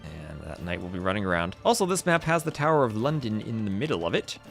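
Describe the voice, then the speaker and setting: A man's voice: on the low side, very animated, fast, creaky, a bit bright. A young man from New Jersey with a New Jersey accent, casting a strategy game live and chatting with viewers between plays. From New Jersey, USA. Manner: chatty, answers chat between play calls, laughs often. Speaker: game caster. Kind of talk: live-stream game commentary. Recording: game music behind the voice. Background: game music.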